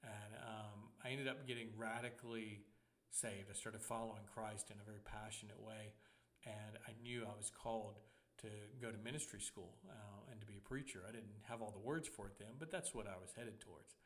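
A man's voice: on the low side, steady tone, normal speed, a bit bright. Conversational male pastor preaching. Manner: conversational preaching with humor and personal stories. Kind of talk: sermon.

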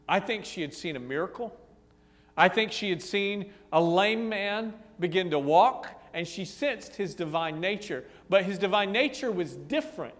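A man preaching a sermon, telling a story dramatically, dropping to a hush and rising to a booming voice, with repeated rhetorical questions. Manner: dramatic, swinging from hushed to booming. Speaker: pastor. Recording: long hall reverb.

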